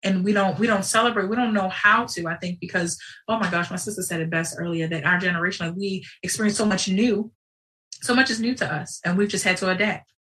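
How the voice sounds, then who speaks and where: A woman hosting a live show in casual livestream talk, animated and digressive, with sudden outbursts. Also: medium pitch, fast, recorded from a distance, rough recording.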